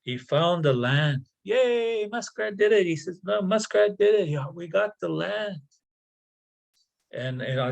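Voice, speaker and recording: A man tells a traditional tale in a relaxed, conversational way over a video call. He often halts and repeats words, and breaks off for casual asides. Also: mid-range voice, poor audio. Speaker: storyteller. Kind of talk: oral traditional storytelling.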